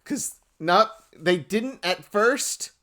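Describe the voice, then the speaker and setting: A man's voice: high-pitched, expressive, very slow, pushed and bright. A man narrating as game master of a tabletop game, casually describing scenes.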